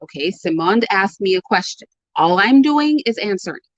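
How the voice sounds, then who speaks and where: A woman's voice: medium pitch, expressive, normal speed, no echo, dull audio. A woman, hosting her own commentary channel and speaking to her audience with emphatic, repeated warnings. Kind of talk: direct-to-camera commentary.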